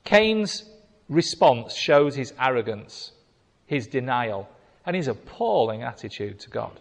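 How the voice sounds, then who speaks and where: Male preacher, emphatic sermon, pitch swinging widely, long reverberant echo. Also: big pitch swings, measured pace. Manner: emphatic, repeating key phrases.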